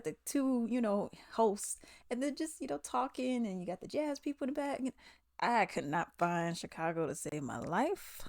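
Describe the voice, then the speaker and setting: A woman's voice: on the low side, no room sound. Chatty woman doing a casual vlog rant, lots of asides, dead dry room. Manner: chatty, slangy, with frequent asides. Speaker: commentary vlogger. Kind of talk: casual chat.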